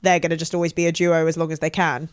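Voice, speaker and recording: A British woman co-hosting a casual chat about a reality show, enthusiastic and quick to swear. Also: deep voice, little pitch movement, smooth. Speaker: podcast co-host.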